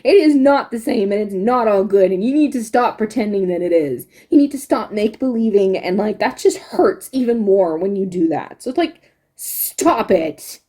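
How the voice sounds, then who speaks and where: A woman's voice: medium pitch, lively intonation, moderate pace, warm tone. A woman giving a casual spoken review, rambling and emphatic, repeating words for stress, and close to tears. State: tearful, close to crying.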